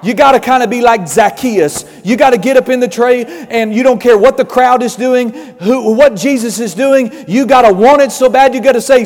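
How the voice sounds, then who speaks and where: A man preaching a sermon with fervor, building to shouts and acting out voices of Bible figures. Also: very high voice, a little fast, hardly any pauses, in a large hall.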